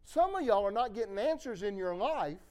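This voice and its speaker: A man preaching a sermon in a church, switching between impassioned exhortation and quiet, confessional storytelling. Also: sits high, big pitch swings, a little fast. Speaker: pastor.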